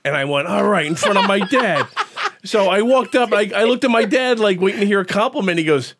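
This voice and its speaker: A man's voice: sits high, lively intonation, fairly quick, heavy background noise. A man hosting a comedy podcast, telling anecdotes with punchy comic timing that builds to punchlines. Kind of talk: comedic storytelling chat.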